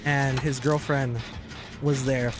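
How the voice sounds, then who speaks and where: A man giving joking, excitable commentary while streaming gameplay, often breaking into high shouts. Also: slow pace. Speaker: gaming streamer.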